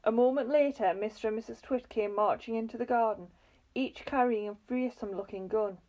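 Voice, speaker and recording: A woman reading a children's book aloud, lively and expressive. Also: fairly high pitch, fairly quick. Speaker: reader.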